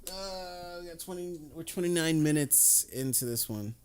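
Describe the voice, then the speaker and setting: A man's voice: a little high, expressive, moderate pace. A man co-hosting a podcast in casual chat, reacting with a laid-back manner and steering to the next topic. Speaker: podcast co-host.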